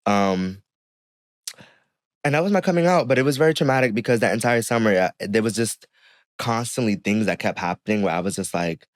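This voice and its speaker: A man's voice: fairly low pitch, brisk, no echo, studio quality. A young man, a podcast guest, telling a personal story in casual chat and acting out the people he quotes. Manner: animated storyteller who acts out the people he quotes.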